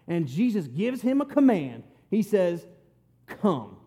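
A man's voice: sits high, sing-song, unhurried, dark tone, breathy edge. A man preaching a conversational sermon, retelling scripture in plain, folksy, emphatic words.

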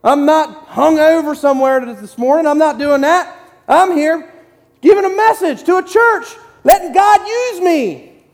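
A man's voice: very high-pitched, a little slow. Fired-up man preaching in a big echoey church. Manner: excited, conversational preaching with short punchy phrases. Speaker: lay preacher. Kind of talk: sermon. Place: church sanctuary. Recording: long hall reverb.

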